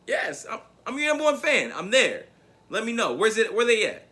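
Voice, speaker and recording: A man doing his eager high-pitched old granddad. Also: huge pitch swings, moderate pace, bright, forceful tone, full character voice. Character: excited elderly grandfather, devoted number one fan.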